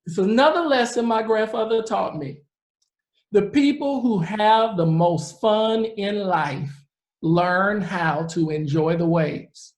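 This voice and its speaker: A man's voice: high-pitched, slow pace. Earnest man presenting in an echoey room. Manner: earnest, animated storyteller who acts out the people he quotes. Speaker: real estate investor and presenter. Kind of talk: live presentation with storytelling. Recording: roomy echo.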